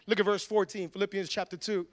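A man's voice: high-pitched, level tone, fast. A male pastor delivering a sermon in a conversational, joking manner.

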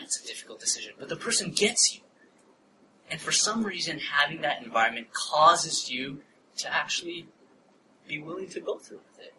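A male pastor, preaching a sermon and telling a personal story with laughs, then dropping to a soft, near-whispered tone. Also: mid-range voice. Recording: distant mic, noisy room ambience.

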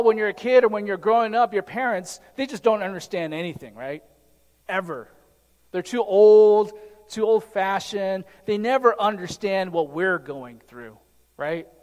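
High-voiced man preaching in a reverberant hall. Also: darkish tone. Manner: conversational, joking asides to the congregation. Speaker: pastor. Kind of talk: sermon. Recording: long reverb of a large hall.

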